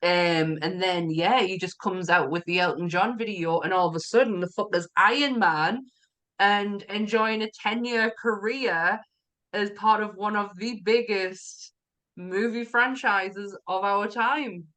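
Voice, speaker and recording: A woman's voice: medium pitch, unhurried, a bit bright. A woman co-hosting a casual podcast chat, candid and sweary, laughing often. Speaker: podcast co-host.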